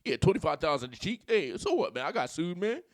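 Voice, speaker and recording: A man doing an impression of a brash, loud man who pleads rapidly with a friend. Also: fairly high pitch, very animated, no room sound, studio quality. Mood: pleading.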